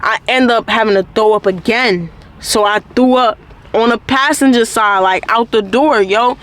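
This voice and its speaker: A woman tells her viewers a story in a relaxed, unscripted monologue. Her talk is thick with slang and swearing, and she fills nearly every pause with "like" and "you feel me.". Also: a little high. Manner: slangy, profane, constant "like" fillers. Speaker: channel host. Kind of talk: casual story-time monologue.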